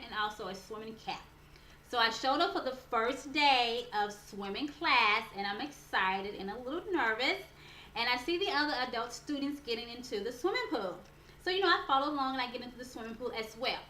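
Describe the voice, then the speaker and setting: A woman life coach telling a personal story in a motivational talk, earnest and animated, building toward a preaching close. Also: a little high, a little hiss or hum. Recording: roomy echo with faint background ambience.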